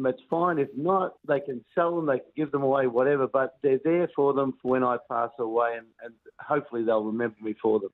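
A man calling a radio show to share a heartfelt story about his plants, rambling with fillers. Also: mid-range voice. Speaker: caller. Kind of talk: phone-in story. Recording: tinny phone line.

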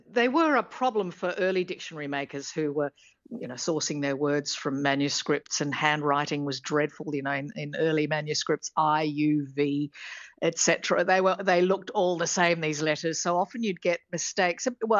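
A woman's voice: lowish voice, no echo, highs cut off. A woman linguistics professor explaining words on a radio show, thoughtful and hesitant with many fillers.

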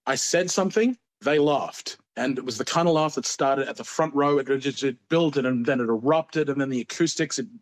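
A man's voice: medium pitch, brisk, few pauses. A man, a stand-up comedian, telling stories in a casual interview and acting out the voices of people he quotes. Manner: animated, acts out quoted voices.

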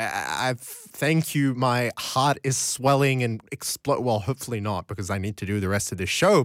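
Aussie guy in his 20s doing late night radio, playful and chatty, pitch jumping all over, dry close mic. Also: no room sound. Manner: animated, playful, chatty with the listeners. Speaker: radio host. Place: radio studio. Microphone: studio microphone.

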